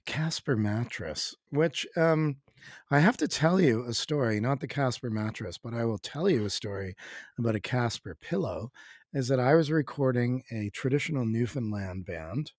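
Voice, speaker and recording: A man's voice: medium pitch, animated, normal speed, a little mellow, no room sound, clean studio sound. A Canadian man, a podcast guest and recording engineer, chatting casually and rambling with many restarts. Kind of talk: casual chat.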